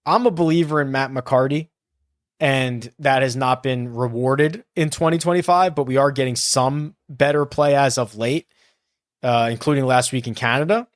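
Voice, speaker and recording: A man's voice: on the high side, no echo, clean studio sound. A man hosting a fantasy golf podcast alone, thinking aloud in a rambling way and often correcting himself mid-sentence. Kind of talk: casual solo analysis.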